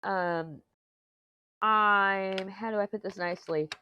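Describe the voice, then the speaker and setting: A woman, chatting casually and rambling on while she crafts, self-deprecating and quick to laugh, on a mic clipped to her shirt. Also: medium pitch, steady tone, pushed and bright, smooth. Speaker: diamond painting vlogger. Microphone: lapel mic clipped to t-shirt. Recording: dull, lo-fi, dry lapel sound.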